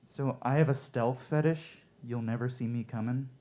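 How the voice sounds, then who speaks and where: A man performing stand-up one-liners at a coffee shop open mic, with a deadpan, offhand delivery. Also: medium pitch, moderate pace, a little hiss or hum.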